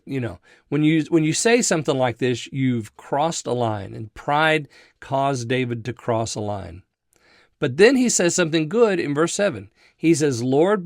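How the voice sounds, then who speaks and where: A man's voice: mid-range voice, no room sound, studio quality. A man giving a folksy, conversational Bible teaching on a radio show, thinking aloud and chuckling now and then.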